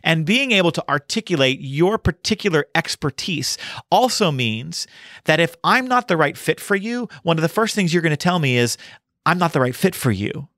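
A man hosting a podcast, talking casually about his speaking and consulting work with analogies and quick asides. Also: a little high, animated, fairly bright tone, no room sound, studio quality.

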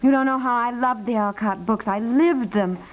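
A high-voiced, fussy young wife and mother, played by an actress, gentle and easily upset. 1950s radio acting on a dull, muffled old broadcast recording. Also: moderate pace, lightly acted. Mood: apologetic.

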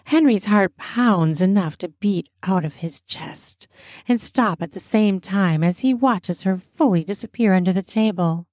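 A woman narrating a story in a slow, soft, intimate way. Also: medium pitch, no room sound, clean studio sound. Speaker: storyteller and host.

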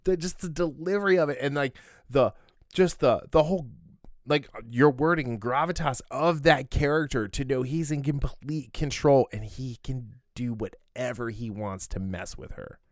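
A man's voice: medium pitch, moderate pace, no echo, clean studio sound. A man co-hosting a podcast, recapping an episode in loose casual chat full of restarts and fillers. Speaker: podcast co-host.

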